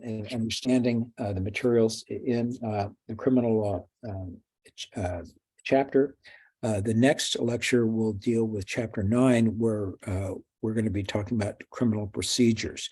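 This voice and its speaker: Halting low-voiced male law lecturer. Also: fairly even intonation, warm tone, husky. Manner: halting, many "uh" fillers and restarts. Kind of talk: recorded lecture.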